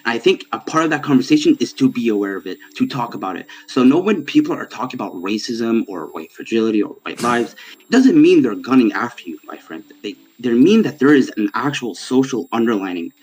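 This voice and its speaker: A man's voice: mid-range voice, very animated, a little fast, a little mellow, poor audio. A man calling in to a stream, laying out his argument earnestly and at length with frequent restarts. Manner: talks in earnest, at length, with frequent restarts, then mocks and laughs at the host. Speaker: caller, a viewer arguing on the stream. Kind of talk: heated online debate.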